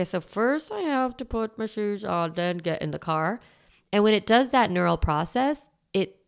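A woman's voice: fairly low pitch, gravelly, clear, resonant tone. A woman in her forties hosting a solo parenting podcast, coaching and encouraging in a casual, chatty way with lots of fillers. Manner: casual and chatty, filler-heavy, laughs easily.

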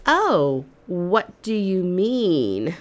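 A woman's voice: on the low side, sing-song, extremely slow, full character voice. A woman voicing a male office coworker who teases and prods. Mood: teasing. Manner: teasing, prodding.

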